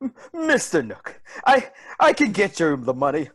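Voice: medium pitch, wildly swooping pitch, moderate pace. A performer voicing a harried father who stammers and pleads, in a comedy sketch read over a video call. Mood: pleading. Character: harried middle-aged father, scolding then cowering.

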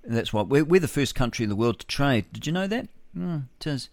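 A New man hosts a breakfast radio show on his own, wandering from thought to thought and tossing in rhetorical questions and chuckles. His voice sits at a middling pitch. The sound is close and dry, with no room around it. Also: sing-song, fairly quick, a little mellow, dry recording. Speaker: radio host. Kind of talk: solo breakfast radio talk, reading news aloud. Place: home studio with a window.

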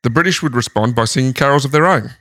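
A man's voice: medium pitch, fast, fairly bright tone, dry recording. A man host casually telling a history story in a lounge room, laughing often. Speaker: podcast host.

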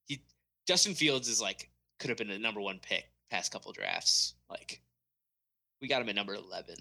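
A man's voice: fairly low pitch, lively intonation, normal speed, vocal fry, bright, forceful tone. A young man retelling stories animatedly as a podcast co-host in a casual sports chat.

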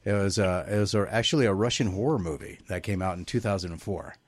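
A man's voice: deep voice, quick pace, dry recording. A man hosting a radio interview who jokes and laughs easily. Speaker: radio show host. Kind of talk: casual interview.

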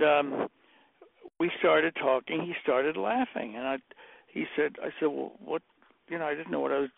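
An older man, a decorator telling rambling, animated anecdotes and acting out the quotes in a casual chat. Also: mid-range voice, vocal fry, dry recording. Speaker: interior decorator guest. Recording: dry tinny phone-like audio.

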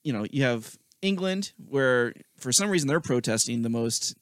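A man's voice: mid-range voice, animated, moderate pace, no room sound. Blunt opinionated man, dry podcast mic. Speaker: podcast co-host. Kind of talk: casual chat.

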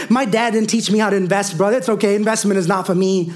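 A man preaching a sermon as a pastor, calling out to his congregation, mixing humor and asides, and rising to near-shouting on his declarations. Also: high-pitched, steady tone, fast talker, hardly any pauses. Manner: preaching with call-and-response asides and wry humor.

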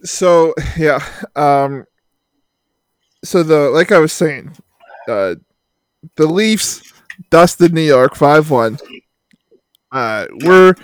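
A man's voice: fairly high pitch, lively intonation, drawn-out words, pauses often, clean tone, no room sound. A man co-hosting a podcast, rambling in a casual chat and swearing.

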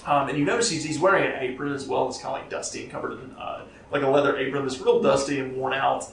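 A man's voice: medium pitch, steady tone, quick pace. A man running a tabletop game as game master, narrating casually with many fillers. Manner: casual, filler-heavy, laughing. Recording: echoey room, mic far off, faint noise.

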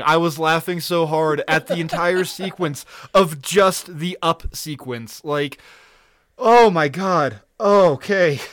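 A man co-hosting a podcast, recapping episodes in an excitable, profane, laugh-filled way. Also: high-pitched, no echo, studio quality. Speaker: podcast co-host.

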